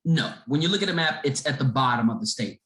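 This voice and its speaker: Middle-aged male podcast guest from Chicago, animated storyteller, mid-range pitch, recorded in a reverberant room. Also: quick pace. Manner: animated, acts out the people in his story. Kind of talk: casual storytelling. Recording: roomy echo.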